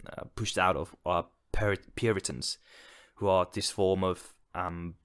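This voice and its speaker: Deadpan Finnish man with a low voice. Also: a little slow, clean tone. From Finland. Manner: deadpan joking. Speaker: podcast co-host. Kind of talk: casual chat.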